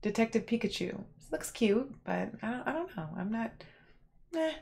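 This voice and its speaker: A woman hosting a livestream, casually chatting and answering viewers, rambling with lots of fillers and animated reactions. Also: on the high side, moderate pace, vocal fry. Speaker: livestream host.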